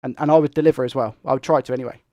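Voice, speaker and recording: A young man who talks fast and excitably while hosting a tech live stream and reading viewer comments. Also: medium pitch, no room sound, highs cut off. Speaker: tech livestream host.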